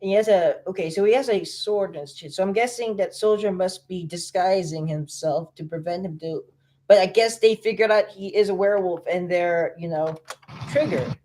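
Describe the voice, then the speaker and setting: A woman's voice: on the low side, normal speed, warm tone. A woman giving casual reaction commentary on a video, rambling and guessing aloud with many fillers.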